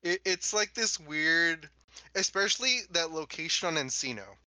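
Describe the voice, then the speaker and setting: Young male co-host, relaxed filler-heavy chat, bright edge, dry booth sound. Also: a little high, no echo, rough recording. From Los Angeles area. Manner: laid-back, many fillers, quick bursts. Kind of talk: casual chat.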